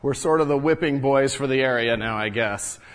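In this first-person biblical monologue, a man takes the role of a sincere, indignant father who builds walls in ancient Jerusalem, tripping over words he repeats. His pitch is medium and his pace moderate, sounding close to how he'd normally talk.

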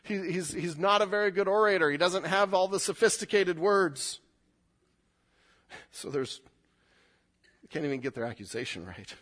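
Man preaching, pastor, sermon, animated, jumps high and loud when explaining. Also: moderate pace, long pauses. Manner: animated, rises sharply in pitch and volume when explaining.

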